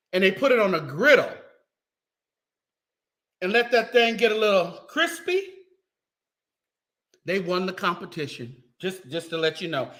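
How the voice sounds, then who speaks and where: A man's voice: high-pitched, a bit bright. Chatty man cooking in a kitchen. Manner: chatty, talks straight to viewers while cooking. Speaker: cooking livestream host. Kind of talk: casual cooking chat. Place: home kitchen.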